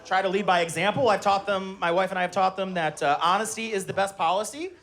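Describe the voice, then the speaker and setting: A man's voice: sits high, quick pace. A stand-up comedian in his thirties, telling stories on stage and acting out the voices of his family and others. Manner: animated storytelling, acts out voices of his kids and others. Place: live comedy venue with audience.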